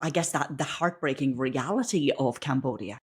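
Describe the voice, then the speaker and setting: A woman's voice: very deep voice, moderate pace, slightly rough. A woman hosting a podcast in casual interview chat, empathetic and often restarting her questions mid-sentence. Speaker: podcast host.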